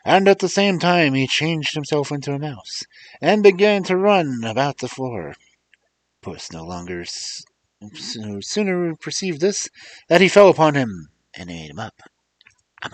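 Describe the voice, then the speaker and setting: A man's slightly high voice carries fairy tales read aloud on a desk mic. He performs them theatrically and expressively, chatting with his audience in asides along the way.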